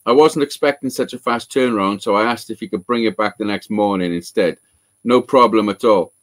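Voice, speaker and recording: A man who repairs guitars, telling a story in casual live-show chat with lots of swearing and excitement. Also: medium pitch.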